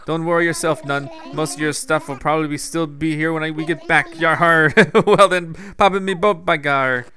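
A man voicing a gruff old male pirate boat captain in a put-on pirate accent, growling "yar" as he reads game dialogue aloud. He sounds like someone doing a voice rather than a fully acted character. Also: on the high side, steady tone, moderate pace, bright, forceful tone. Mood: jolly.

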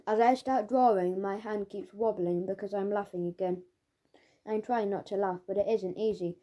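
A woman narrating a children's audiobook in the first person as a schoolboy, in a lively storytelling manner, recorded on a studio microphone. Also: medium pitch, normal speed.

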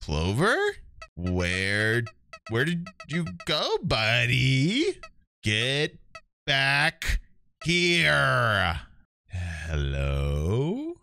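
Young guy streamer yelling at a game, swears a lot, bouncy voice, game music behind. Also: medium pitch, drawn-out words, vocal fry, clean tone, no room sound. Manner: loud, swearing, excitable reactions. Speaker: gaming streamer. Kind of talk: casual game commentary.

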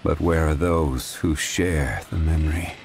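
An actor playing a calm, dignified, wise man in a video game, speaking in a measured, composed way. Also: rumbling low, a little hiss or hum. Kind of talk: game character voice lines.

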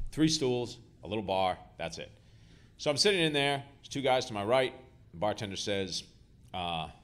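A man's voice: fairly low pitch, fairly bright tone. A man, an author, telling self-deprecating stories to a live audience in a school hall, with frequent fillers and restarts. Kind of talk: live storytelling talk. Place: school auditorium before an audience.

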